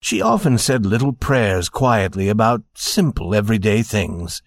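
A man narrating a story slowly and gently, addressing listeners as dear friends. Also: fairly low pitch, animated, gravelly, no echo, studio quality.

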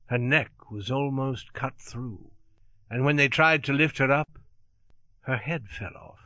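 A man reading a story aloud in a measured, expressive storytelling manner. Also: medium pitch, dry recording. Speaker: narrator. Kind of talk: scripted audiobook narration. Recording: dull, lo-fi dry recording.

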